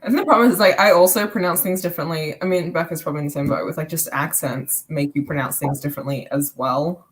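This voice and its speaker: Rambling woman with a lowish voice. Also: quick pace, hardly any pauses, rough recording. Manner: rambling, full of fillers like "like". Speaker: readathon co-host. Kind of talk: casual chat.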